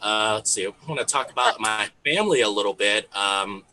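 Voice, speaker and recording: A man's voice: on the low side, fairly quick, bright, forceful tone, slight background noise, poor audio. A man in his thirties from Texas doing a conversational stand-up set, laughing at his own jokes. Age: 30s. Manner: conversational, with fillers and self-amused laughs. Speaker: stand-up comedian.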